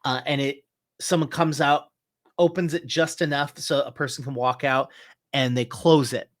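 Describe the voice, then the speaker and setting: A man narrating a tabletop game as game master, in slow, searching narration with restarts. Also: on the high side, steady tone.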